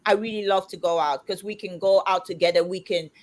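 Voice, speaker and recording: A woman in her fifties hosting a casual livestream chat, talking loudly and emphatically. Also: fairly low pitch, steady tone, fairly quick. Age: 50s. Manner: loud, emphatic and outspoken. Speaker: livestream host.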